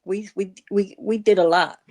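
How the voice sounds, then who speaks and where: A woman's voice: mid-range voice, steady tone, normal speed, darkish tone. A woman co-hosting a livestream from her computer who reads the witness's short answers from a court transcript and chats loosely with her co-host. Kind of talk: reading witness answers from a transcript, then casual chat.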